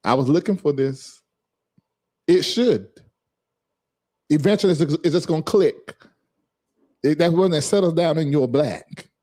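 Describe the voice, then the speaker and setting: A man's voice: fairly high pitch, lively intonation, unhurried, long pauses, mellow. A man hosting a casual live stream, chatting with viewers by name and drilling them on how to say a word. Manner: chatty, repeats and drills a word's pronunciation; talks to chat viewers by name.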